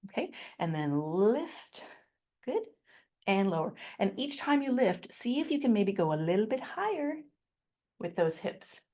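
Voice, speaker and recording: Woman leading a guided Pilates class, upbeat and encouraging, quick to laugh. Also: medium pitch, sing-song, warm tone. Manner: encouraging, laughs often, corrects herself. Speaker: Pilates instructor. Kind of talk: guided exercise class instruction.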